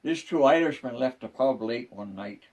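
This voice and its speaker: An older man, a grandfather, telling jokes in an unhurried, folksy storytelling way. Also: medium pitch, lively intonation, distant mic, highs cut off. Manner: unhurried, folksy joke delivery.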